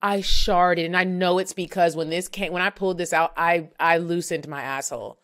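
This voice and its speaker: A woman's voice: lowish voice, steady tone, normal speed, fairly bright tone. A woman in her thirties telling a story frankly and with animation on a podcast, acting out both sides of the talk. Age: 30s. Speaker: podcast co-host. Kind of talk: casual storytelling chat.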